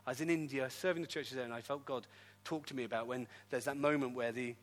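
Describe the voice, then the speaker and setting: A middle-aged man, a pastor, telling his story in a sermon with lively, self-deprecating humor. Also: mid-range voice, quick pace, faint music behind. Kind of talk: testimony sermon.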